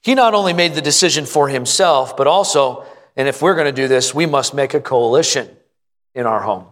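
A male pastor preaching a sermon to a congregation, emphatic and rising in pitch on repeated lines. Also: lively intonation, brisk, fairly bright tone, long reverb tail.

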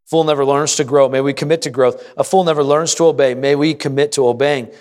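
A man's voice: medium pitch, steady tone, fast, a little mellow. A man, a pastor, preaching a sermon to a congregation, reading scripture and drawing call-and-response. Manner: reads scripture aloud and acts out an anxious prayer.

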